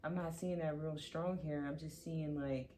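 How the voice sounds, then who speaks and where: A woman's voice: low voice, fairly even intonation, normal speed, mellow, slight background noise. A woman giving a casual tarot card reading, chatty and playful, teasing her viewers and then insisting she is serious. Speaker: tarot reader.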